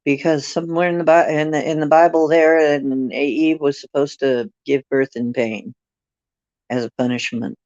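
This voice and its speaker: A woman's voice: sits low, fairly even intonation, moderate pace, a little mellow, dry recording, highs cut off. A woman hosting a casual livestream, musing and rambling while she answers viewer comments. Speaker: livestream host reading viewer chat.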